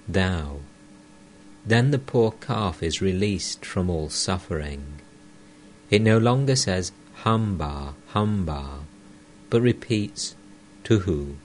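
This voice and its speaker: Slow, deep-voiced male reader. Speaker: audiobook reader. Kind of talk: scripted reading of a spiritual text.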